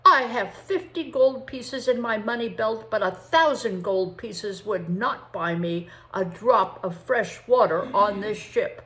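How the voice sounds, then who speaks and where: A woman's voice: mid-range voice, takes it slowly, hardly any pauses, a bit bright. Woman doing a wailing immigrant man. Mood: exasperated. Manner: wailing, exclamatory. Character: excitable French immigrant man, despairing.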